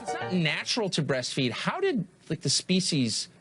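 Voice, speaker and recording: A man debates with sarcastic, challenging questions. His pitch swings widely from line to line. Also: wildly swooping pitch, moderate pace, over music.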